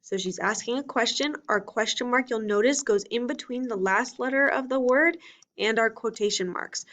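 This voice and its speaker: A woman's voice: fairly high pitch, moderate pace, a bit bright. A woman teacher giving a recorded lesson for children, explaining patiently step by step and reading lines from books aloud with expression.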